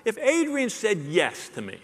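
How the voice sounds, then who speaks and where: Male keynote speaker, wry and teasing, gravelly edge, slightly high voice, long hall reverb. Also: wildly swooping pitch, measured pace. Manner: joking, audience-teasing, punchy repetition. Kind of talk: live conference keynote. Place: large hall on stage.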